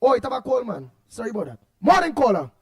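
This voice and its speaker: A man's voice: very high-pitched, wildly swooping pitch, fast talker. A man with a Trinidadian accent hosting a radio show, chatting casually and reading out listener comments with laughs and repeated words.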